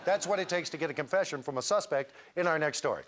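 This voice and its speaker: A man's voice: fairly high pitch, quick pace. A man co-hosting a TV show, clowning and joking playfully out among the audience. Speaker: co-host. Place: among a loud crowd. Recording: loud crowd and noise behind.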